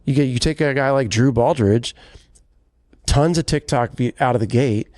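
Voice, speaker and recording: A man's voice: medium pitch, normal speed, a little mellow, no room sound. Chatty man, dry studio sound. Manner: rambling, self-correcting, chatty. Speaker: podcast co-host, country singer. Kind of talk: casual chat.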